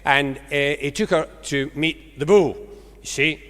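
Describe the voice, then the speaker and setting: A Scottish man telling jokes on stage as a comedian, a brisk storyteller building to punchlines. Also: a little high, fairly bright tone. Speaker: stand-up comedian. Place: large music hall stage. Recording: echoey concert hall.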